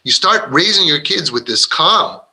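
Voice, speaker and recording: Pushed and bright, with a voice on the high side, lively intonation, and a moderate pace, a man gives parents an earnest, meandering pep talk. He keeps restarting sentences and acting out quoted lines from kids and parents, on a low-quality recording.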